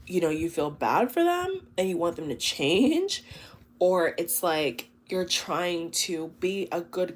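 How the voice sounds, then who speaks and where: A woman giving a collective tarot reading to her viewers, talking in an emotive, chatty way, full of exclamations and fillers. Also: fairly low pitch. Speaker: tarot reader.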